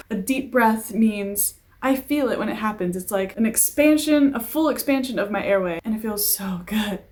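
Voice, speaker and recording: A woman's voice: mid-range voice, animated, normal speed, darkish tone. A young woman talking casually to her camera in a rambling, self-deprecating vlog rant, full of asides and sighs. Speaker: vlogger.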